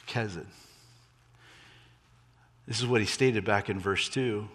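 A man preaching a sermon, animated, rising and falling in pitch and volume for emphasis. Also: measured pace, pauses often, husky, big-room sound. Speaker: pastor.

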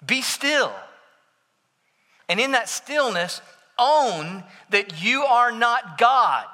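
A man preaching a sermon as pastor, swinging between bold declarations and hushed near-whispers. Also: high-pitched, in a large hall. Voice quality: dramatic shifts between loud declaration and soft near-whisper.

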